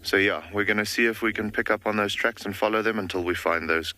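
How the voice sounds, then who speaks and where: A man safari guide talking in a relaxed, easygoing way about tracking on a live game drive. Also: on the low side, fast, a little hiss or hum. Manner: relaxed, easygoing talk with fillers.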